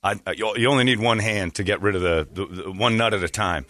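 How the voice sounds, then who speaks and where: A man's voice: on the low side, fast, fairly bright tone, no room sound. A middle-aged man hosting a morning radio show, rambling through stories with crude jokes. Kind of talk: casual morning radio banter.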